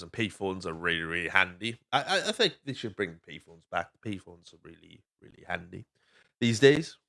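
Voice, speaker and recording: A Welsh man hosting a podcast talks his way loosely through a movie recap, swearing freely and performing lines. His voice is lowish, with a fairly bright, clean tone.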